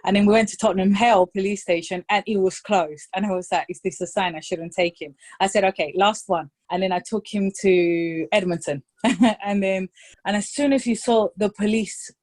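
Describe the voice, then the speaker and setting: Animated woman telling a story, phrases. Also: mid-range voice, moderate pace. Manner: animated storytelling, acts out voices, code-switches to Spanish. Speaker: podcast guest. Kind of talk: casual storytelling chat.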